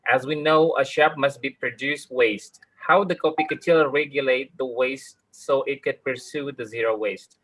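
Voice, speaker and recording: A man's voice: medium pitch, moderate pace, hardly any pauses, a bit bright, low-quality recording. A man moderating an online webinar, passing on questions with many hesitant fillers.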